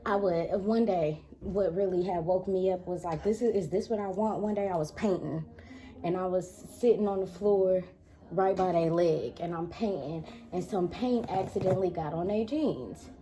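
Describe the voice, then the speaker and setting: A woman's voice: moderate pace, slight background noise. A young woman vlogging casually to camera, telling a personal story and acting out quoted arguments. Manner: animated, acts out quoted arguments in a higher voice.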